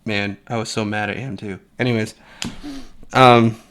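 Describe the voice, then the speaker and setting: A man's voice: fairly low pitch, level tone, moderate pace, a bit bright, slight background noise. A man giving blunt, profane, opinionated commentary, rambling with frequent restarts. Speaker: commentary channel host.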